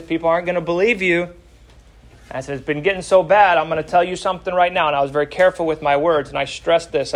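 A middle-aged man teaching an adult Bible class, telling a family story in a folksy way and stressing key words. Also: a little high.

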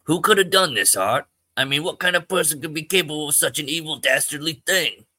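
A man's voice: a little high, brisk, sharp tone, slightly rough, pitched above the performer's own voice, heavily acted. A man voicing Old Joe, a paranoid, God-fearing old small-town man who talks in a folksy drawl and pleads frantically. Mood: fretful.

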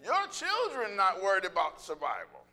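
A man preaching a sermon, animated and joking, acting out little voices and calling out to the congregation. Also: high-pitched, normal speed. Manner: animated, joking, acts out voices, laughs often; calls out to congregation.

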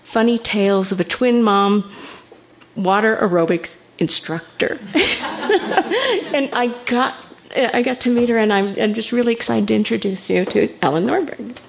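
A woman acting as event host, giving an excited introduction of the next reader. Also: medium pitch, moderate pace, creaky, background noise.

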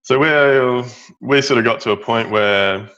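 A middle-aged Australian man telling a story as an interview guest, halting, with many fillers and restarts. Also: mid-range voice, bright, forceful tone. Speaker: guest, building business owner. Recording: dull lo-fi audio.

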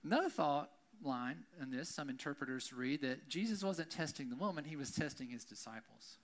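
Male pastor, casual sermon delivery, fairly high voice, keeps checking in with listeners. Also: expressive, fairly quick. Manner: conversational, keeps asking "right?".

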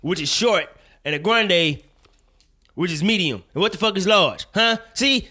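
A young man hosting a casual podcast, talking with animated, profane, loud mock outrage. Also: sits high, a little slow. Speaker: podcast host. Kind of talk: casual chat.

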